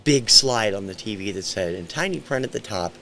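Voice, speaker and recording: A man's voice: lowish voice, animated, fairly quick, sharp tone, a little hiss or hum. A man in his sixties from central Ohio, telling a first-person story in an unscripted, rambling way with frequent ums and self-corrections. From central Ohio, USA. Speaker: storyteller recounting a memory.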